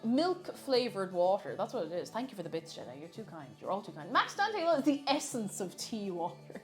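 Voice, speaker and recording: A woman's voice: mid-range voice, big pitch swings, fairly quick, faint music behind. A woman chatting casually while baking live in her kitchen, laughing often and reading out chat messages.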